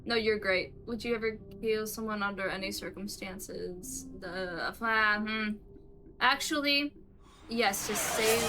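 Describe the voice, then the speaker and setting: A woman streamer with a Southern US accent, chatting casually as she answers quiz questions aloud, halting and rambling with many restarts and trailing asides. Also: medium pitch, over music, rough recording.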